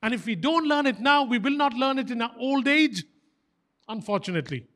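A man's voice: very high-pitched, a little fast. A man preaching a sermon as pastor, emphatic and fervent, repeating short phrases for stress. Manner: fervent, animated exhortation.

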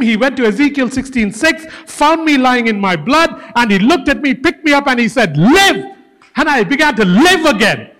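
Give me a high-pitched male preacher delivering an emphatic sermon. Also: a bit bright, big-room sound. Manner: emphatic, repeats phrases, calls listeners "guys".

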